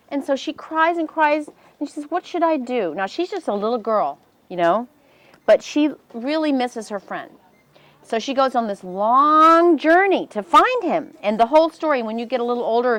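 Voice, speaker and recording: A woman telling a fairy tale to children, animated and expressive, asking her listeners questions. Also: a little high, no room sound. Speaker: children's storyteller. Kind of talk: storytelling to children. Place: library.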